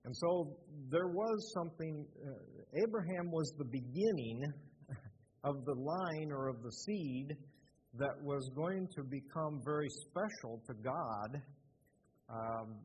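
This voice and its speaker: An older man preaching in a church, halting with many fillers and restarts. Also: fairly high pitch, animated, darkish tone, slightly rough. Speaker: lay preacher. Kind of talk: sermon. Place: church sanctuary. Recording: muffled, with a long hall echo.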